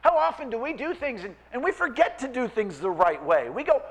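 Lively, animated male pastor. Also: high voice, quick pace, hardly any pauses. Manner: animated, playful, acts out voices of people and biblical figures. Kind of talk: sermon.

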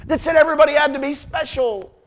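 A middle-aged man preaching a sermon as pastor, animated and humorous, acting out quotes as he tells stories. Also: very high-pitched, fast talker.

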